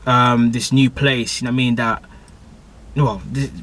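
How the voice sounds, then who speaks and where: A young man recapping a TV episode in a casual, excitable way, full of slang, fillers and restarts. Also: mid-range voice, measured pace. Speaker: TV show reviewer.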